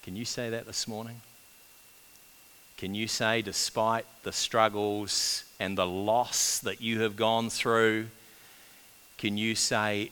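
A man preaching a sermon, swinging between loud urgent build-ups and hushed, quiet passages. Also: on the low side, level tone, slow, a little hiss or hum. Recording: long reverb of a large hall.

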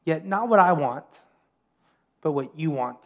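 A male pastor delivers a sermon in an earnest voice that sits a little high. He slows down and repeats key phrases for emphasis. The recording sounds dull and lo-fi. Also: animated.

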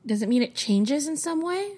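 A woman co-hosting a podcast, chatting casually and reacting with quick questions and giggly asides. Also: sits high, lively intonation, dark tone. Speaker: podcast co-host. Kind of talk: casual chat.

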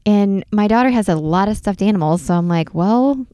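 A middle-aged woman co-hosting a casual chat show, telling a story in an animated way and acting out the voices. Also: mid-range voice, fairly quick, smooth, dry recording, studio quality.

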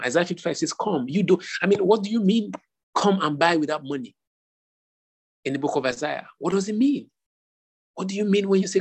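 Gravelly husky man preaching. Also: fairly high pitch, a little mellow. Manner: rhetorical questions, repeats phrases, emphatic. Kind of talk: sermon teaching.

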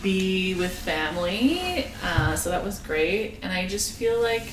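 A woman's voice: medium pitch, animated, unhurried, reverberant, noisy background. A young woman from Canada, a reporter, chatting casually as a podcast guest and laughing often. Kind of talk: casual chat.

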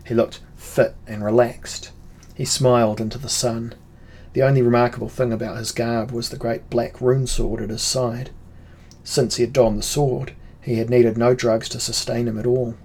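A man narrating a fantasy audiobook in a measured, unhurried storytelling manner. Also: mid-range voice, flat delivery, a little mellow, husky.

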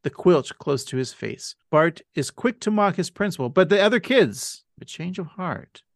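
Podcast co-host, male, gravelly and rambling, recorded dry. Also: sits high, expressive, normal speed, no room sound. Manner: rambling, laughs often. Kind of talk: casual chat and episode recap.

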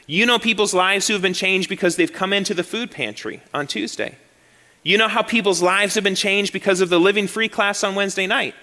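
A man's voice: sits high, pushed and bright. Male pastor, sermon, repeats key phrases, rhetorical questions, church sanctuary, long reverb.

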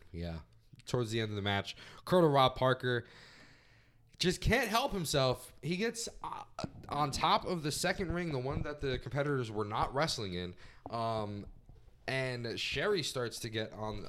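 A man's voice: medium pitch, animated, measured pace, fairly bright tone, a little hiss or hum. A man co-hosting a podcast, casually recapping a wrestling event, rambling with many fillers. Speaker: podcast co-host.

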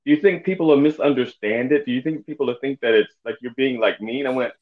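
A man's voice: mid-range voice, quick pace, phone-quality sound. A man chatting casually on a podcast, telling stories with lots of laughter. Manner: animated storyteller, laughs often. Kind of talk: casual chat.

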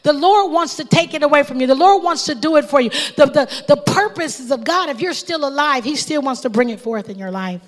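A woman preaches a passionate sermon in a high, ringing voice. Her voice carries a long reverb tail, and she calls out to her listeners as she goes. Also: animated, brisk, few pauses. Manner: impassioned, calls out to the congregation.

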